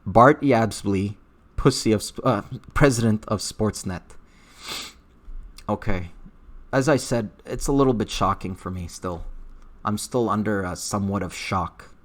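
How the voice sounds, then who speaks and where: A man's voice: fairly low pitch, unhurried. A man with an accent reading chat comments on a livestream, talking in a blunt and profane way with lots of fillers. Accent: unidentified accent. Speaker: streamer reading live chat.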